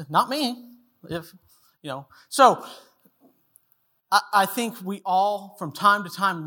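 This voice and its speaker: A man's voice: a little high, pushed and bright. A man preaching a sermon, telling a story in a casual way and acting out the people in it. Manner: storytelling, acts out quoted voices. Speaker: pastor.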